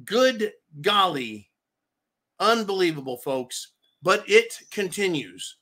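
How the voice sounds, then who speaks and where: Male political rant host, bright and forceful tone, sarcastic, swears freely, talks straight to his folks. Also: sits high, big pitch swings, takes it slowly. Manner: profane, sarcastic, keeps addressing listeners as folks; repeats himself for emphasis.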